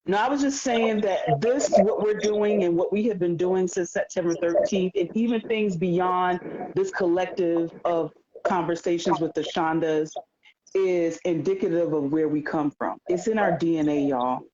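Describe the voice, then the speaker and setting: Earnest woman co-host with a low, warm voice and dull audio. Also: normal speed, a little hiss or hum. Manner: earnest, preacher-like, addresses listeners as y'all. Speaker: podcast co-host. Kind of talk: earnest podcast chat.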